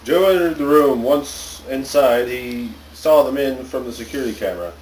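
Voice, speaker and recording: A man's voice: medium pitch, moderate pace, darkish tone, roomy sound, far from the mic, slight background noise, poor audio. A man casually reading a story aloud to friends, stumbling over words now and then. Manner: casual, stumbling, laughs often. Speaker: story reader. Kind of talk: joking comedic reading aloud.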